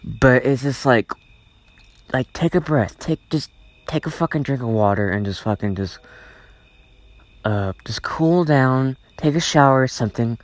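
A man's voice: mid-range voice, lively intonation, unhurried. A man hosting a solo podcast, ranting in a rambling, repetitive way and swearing often. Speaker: podcast host.

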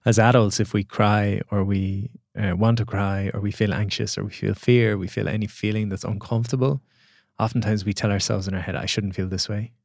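A man's voice: on the low side, a little fast, creaky, no echo, clean studio sound. A man, a podcast guest and coach talking casually and acting out the voices in his stories. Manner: animated storyteller acting out quoted voices.

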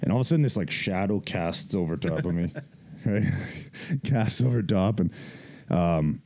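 Male podcast host, low and dark tone, profane, animated storyteller. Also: moderate pace. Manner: profane, laughing, animated retelling with quoted voices. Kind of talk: casual storytelling.

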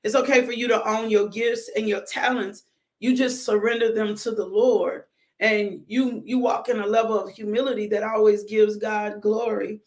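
A woman's voice: medium pitch, steady tone, normal speed. A woman minister giving a devotional sermon, emphatic and repeating her phrases in casual speech.

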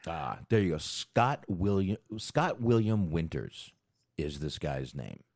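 A man's voice: sits low, very animated, takes it slowly, gravelly, a little mellow, dry recording, clean studio sound. A man hosting a podcast, rambling casually about a film and thinking aloud while looking things up. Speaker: podcast host.

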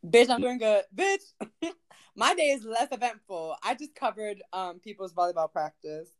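A woman's voice: medium pitch, normal speed. A young woman in casual chat who teases and laughs often. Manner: lively and teasing, laughs often.

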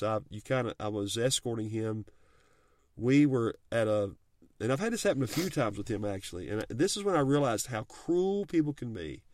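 A man's voice: medium pitch, a little mellow, no room sound, studio quality. A middle-aged man giving earnest, folksy advice on marriage and faith, speaking plainly with frequent restarts. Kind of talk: heartfelt talk on marriage and faith.

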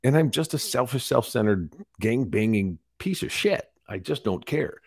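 A lower-voiced man in his forties speaks candidly as a podcast guest, recounting his story with animated, acted-out quotes. The sound is dry and close with no room around it. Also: fairly quick, husky, no room sound. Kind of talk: storytelling interview.

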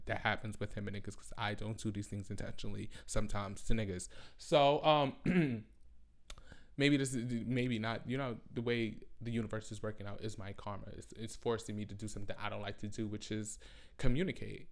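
A young man hosting a podcast, telling a personal story in a rambling, profane, slangy way that keeps circling back on itself. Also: lowish voice. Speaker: podcast host. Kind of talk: casual storytelling monologue.

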